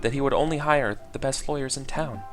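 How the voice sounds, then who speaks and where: A man's voice: medium pitch, fairly quick, fairly bright tone, soft background music, voice pushed up, lightly acted. A man voicing a naive young noblewoman cat in a game, chatty and childlike.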